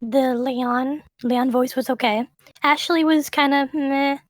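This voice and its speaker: A woman's voice: high voice, steady tone, slow, no echo. Emphatic woman interviewer, dry sound. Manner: emphatic, enthusiastic opinions. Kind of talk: casual chat about games.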